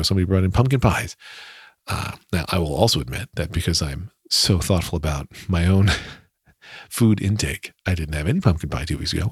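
A man's voice: sits low, creaky, breathy edge, no echo, studio quality. A man hosting his own podcast, telling a rambling, self-deprecating story in a casual solo monologue. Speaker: podcast host.

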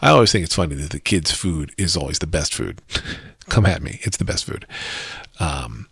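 A man's voice: very deep voice, big pitch swings, moderate pace, vocal fry, a bit bright, husky, no echo. A man in his forties hosting a podcast, telling a rambling, self-deprecating story about his weekend in a casual monologue. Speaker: podcast host.

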